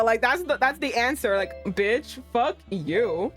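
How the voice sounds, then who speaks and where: Young woman streamer, loud, profane, excitable, higher pitch, light music under her. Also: slow. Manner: excitable, profane, loudly reactive. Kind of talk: live-streamed gameplay reaction. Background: faint music.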